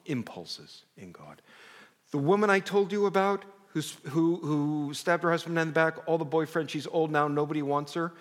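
Animated male preacher in a reverberant hall. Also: a little high. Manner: animated, conversational, self-interrupting, drops to near whisper. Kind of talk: sermon. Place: church sanctuary.

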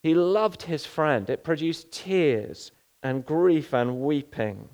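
A man's voice: on the high side, lively intonation, slow pace, darkish tone. Earnest preacher man. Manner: earnest, with rhetorical questions. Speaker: pastor. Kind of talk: sermon.

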